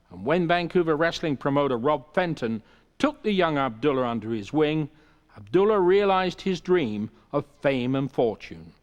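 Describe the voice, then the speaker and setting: Lively documentary narrator, male. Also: a little high, faint music behind. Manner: measured, announcer-like delivery. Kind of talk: scripted narration.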